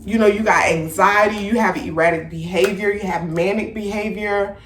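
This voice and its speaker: A woman hosting a casual podcast chat, talking bluntly with plenty of swearing and lively storytelling. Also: mid-range voice, normal speed, echoey room, a little hiss or hum. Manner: blunt, profane, animated storytelling. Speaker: podcast host. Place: home room with incense.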